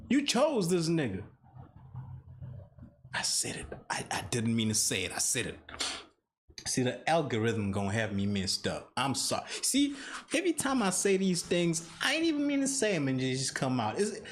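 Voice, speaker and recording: Brief: Zimbabwean-accented guy, lively swooping delivery, jokey mock-apologetic reaction host. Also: high voice, a little hiss or hum. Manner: playful, teasing, mock-apologetic. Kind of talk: comedic reaction commentary.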